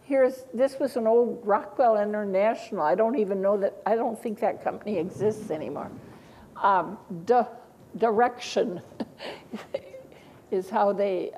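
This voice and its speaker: Older lady teaching a room of teachers, slow and chatty, lots of little asides. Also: mid-range voice, dark tone, low-quality recording. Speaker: lecturer on reading instruction. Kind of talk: teacher-training lecture.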